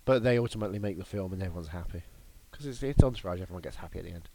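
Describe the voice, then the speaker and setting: A man's voice: racing, vocal fry, noisy background. A British man co-hosting a comedy podcast, rambling and joking in casual chat. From United Kingdom. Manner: jokey, rambling, with lively swings in pitch. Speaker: podcast co-host.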